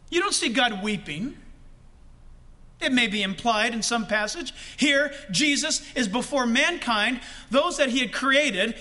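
A man preaching a sermon, pressing his points with rising emphasis and slowing right down on key words. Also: extremely high pitch, bright, forceful tone. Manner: preaching with rising emphasis and slow, drawn-out stresses. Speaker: pastor.

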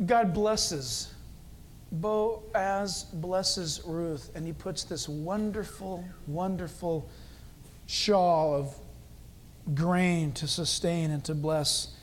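A male pastor giving a sermon in a church, telling stories and swinging between quiet earnest talk and loud, excited preaching. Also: high voice, extremely slow.

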